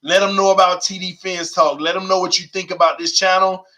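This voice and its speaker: Man, high voice, bright tone, casual fan vlog host, excitable, informal. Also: fairly quick, low-quality recording. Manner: excited, informal, talks to viewers as y'all. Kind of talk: casual vlog chat reading live comments.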